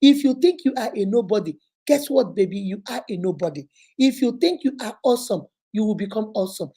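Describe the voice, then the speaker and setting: A woman's voice: medium pitch, expressive, fairly quick, mellow, breathy edge. A woman hosting a faith-based motivational advice talk, preaching emphatically and calling her listeners sister and baby. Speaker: relationship advice host.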